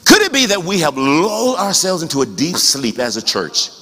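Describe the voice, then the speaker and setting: Male pastor, bright voice, very lively pitch, conversational sermon with rhetorical questions, echoing church hall. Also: normal speed. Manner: conversational preaching, rhetorical questions, rising to shouts.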